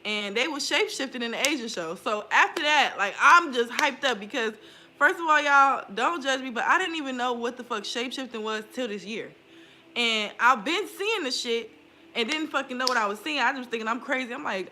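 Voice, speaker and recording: A woman's voice: sits high, brisk, sharp tone, a little hiss or hum. A young woman talking candidly in a casual vlog, swearing freely and laughing often. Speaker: spiritual vlogger. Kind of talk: casual confessional chat.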